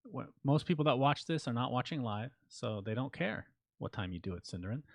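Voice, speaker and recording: A man co-hosting a laid-back podcast, trading deadpan jabs with his partner. His voice sits at an ordinary middle pitch, recorded close and dry with no room sound. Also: brisk, creaky, dry recording. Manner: dry teasing, deadpan ribbing; reads listener names out as shout-outs. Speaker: podcast co-host. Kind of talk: casual podcast banter.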